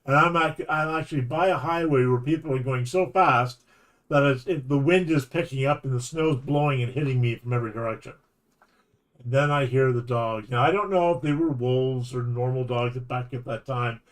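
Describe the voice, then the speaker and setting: A man's voice: medium pitch, normal speed. A Canadian man streaming a game, telling a long rambling story with false starts and laughs. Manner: rambling, animated anecdote with restarts and laughs. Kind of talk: casual storytelling while gaming.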